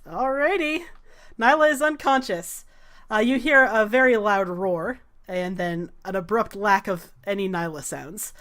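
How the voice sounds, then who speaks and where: A woman runs a tabletop game, narrating scenes and monsters in an easy, unhurried way. Her voice sits at a middling pitch, and she fills pauses with soft hesitations. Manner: relaxed, with many filler "uh"s. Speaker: game master.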